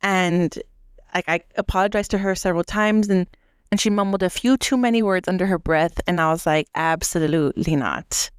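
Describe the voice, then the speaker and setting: A young adult woman telling a work story in casual chat, animated, acting out quotes and saying "like" a lot. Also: mid-range voice, fairly quick, smooth, no room sound, clean studio sound. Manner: animated, acts out quotes, heavy use of "like". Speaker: podcast co-host; restaurant manager.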